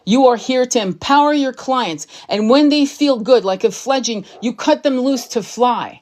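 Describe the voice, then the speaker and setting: A woman's voice: on the high side, normal speed, a little mellow. A woman who works as a psychic, giving a blunt, profane and impassioned talk to fellow healers. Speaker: psychic and tarot channel host. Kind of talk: impassioned spiritual monologue.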